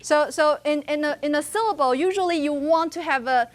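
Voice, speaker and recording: High-voiced woman lecturing. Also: fairly quick. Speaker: university linguistics lecturer. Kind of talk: classroom lecture. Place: classroom.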